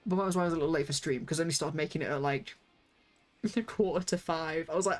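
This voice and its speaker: A young woman chatting casually on a game livestream, excitable and quick to gasp and squeal. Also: lowish voice, faint music behind. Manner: excitable, jumps into squeals and gasps. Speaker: streamer.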